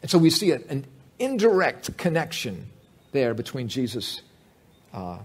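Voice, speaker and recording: A man's voice: medium pitch, very animated, a little slow. A man teaching from the Bible in a sermon. He retells a story with emphasis and asks the listeners questions.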